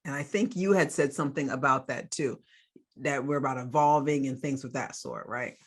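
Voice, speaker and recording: A woman's voice: extremely low pitch, moderate pace. A woman co-hosting a faith podcast, chatting casually as she recaps a church celebration and a sermon, with fillers and asides. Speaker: podcast co-host.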